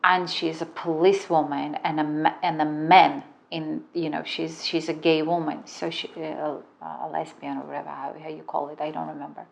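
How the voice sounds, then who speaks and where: A woman's voice: low-pitched, level tone, normal speed, creaky, hardly any pauses. A middle-aged woman, not a native English speaker, telling a dramatic personal story as a relationship coach and swearing freely. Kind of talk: storytelling talk.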